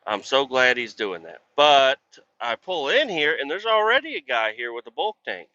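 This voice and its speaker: Profane ranting trucker man, bright voice. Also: medium pitch, big pitch swings, normal speed, dry recording, muffled recording. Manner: profane, ranting at other drivers. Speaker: truck driver. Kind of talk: casual driving vlog. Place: inside a truck cab on the highway.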